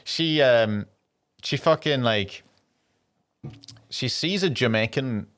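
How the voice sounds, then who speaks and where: Male podcast co-host, mid-pitched, rambling and halting, casually profane. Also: expressive, a bit bright. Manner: halting, many fillers and restarts, swears casually. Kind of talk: casual comedic chat.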